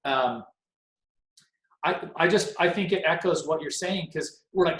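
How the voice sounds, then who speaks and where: A man's voice: fairly high pitch, measured pace, pauses often, fairly bright tone, roomy sound, low-quality recording. A man in his forties leading a casual motivational team meeting on a video call, rambling and self-deprecating. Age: 40s.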